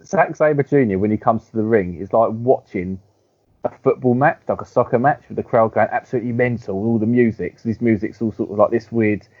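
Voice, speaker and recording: A man co-hosting a casual podcast chat, animated and quick to mimic other people. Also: on the low side, slightly rough, no room sound. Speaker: podcast co-host. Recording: dull lo-fi sound.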